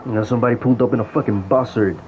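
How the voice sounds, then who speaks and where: A man ranting in a casual, profane storytelling way about old times in an online game. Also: mid-range voice. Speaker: gaming vlogger. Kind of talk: casual rant. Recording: dull lo-fi audio with faint noise.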